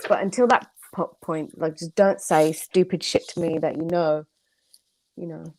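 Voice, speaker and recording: A woman's voice: deep voice, steady tone, moderate pace, noisy background. A woman co-hosting a livestream, talking candidly and rambling in casual chat. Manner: candid, rambling, laughs often. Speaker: livestream co-host.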